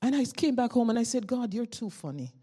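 A woman giving a spoken testimony to a congregation, telling a story with lively swings from loud exclamations to hushed tones and frequent laughter. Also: fairly high pitch, brisk, slightly rough. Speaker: church member giving testimony.

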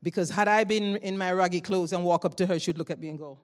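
Speaking fast in a lowish voice, this woman shares her testimony with the congregation as a church member. Her storytelling swings between loud exclamations and hushed moments, with frequent laughter.

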